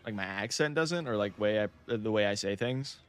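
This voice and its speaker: A man's voice: lowish voice, expressive, normal speed, smooth, faint music behind. A young man from the United States, chatting casually while streaming a game, laid-back and swearing freely. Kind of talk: casual livestream chat while gaming.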